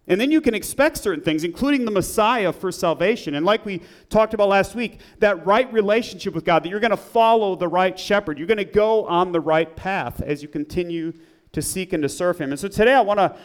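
A man preaching a sermon in church, praying and then telling a story with rising emphasis. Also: clear, resonant tone. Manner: earnest, builds up emphatically in the story, drops low and soft in prayer. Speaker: pastor. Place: church sanctuary.

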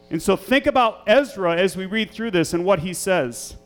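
A man's voice: high-pitched, lively intonation, moderate pace, a bit bright, soft background music. A male pastor reading scripture aloud and preaching in a church, earnest and emphatic, repeating key phrases and asking the congregation rhetorical questions. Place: church sanctuary.

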